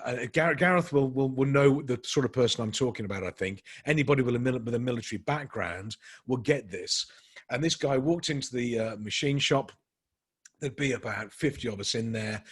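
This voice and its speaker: A husky, middle-aged Englishman recounts an anecdote to a workshop audience. He speaks in a mid-range voice, animated, jumping into the voices of the people in his story as it builds. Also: medium pitch. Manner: animated anecdotal storytelling, acting out quoted dialogue with rising energy.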